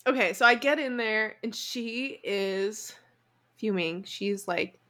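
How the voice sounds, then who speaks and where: Her mid-range voice moves slowly as this young podcast co-host shares a story in casual conversation. She's animated and emotional throughout, breaking into laughter often.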